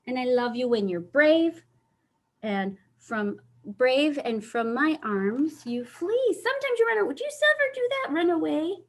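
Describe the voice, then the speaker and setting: Lively, high-pitched woman reading to kids. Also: a little slow. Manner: animated, asks children questions. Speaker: children's story time host. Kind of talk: reading a picture book aloud to children. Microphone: video call.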